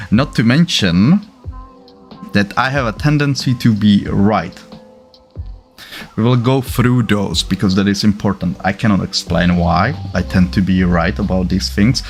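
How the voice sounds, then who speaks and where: A man from the Czech Republic hosting a casual livestream, chatty and halting, often stopping to correct himself. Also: lowish voice. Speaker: livestream host.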